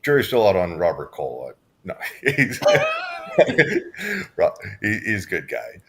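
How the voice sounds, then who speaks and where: A man's voice: on the low side, huge pitch swings, takes it slowly, fairly bright tone. A man from Southern California, co-hosting a podcast in casual chat, rambling with restarts and fillers. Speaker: podcast co-host.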